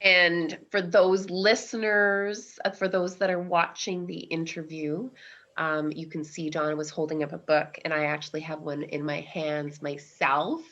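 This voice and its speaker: Low-voiced woman host, dull sound. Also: flat delivery, measured pace, fairly bright tone. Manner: conversational, with many fillers. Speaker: podcast host. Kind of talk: interview hosting.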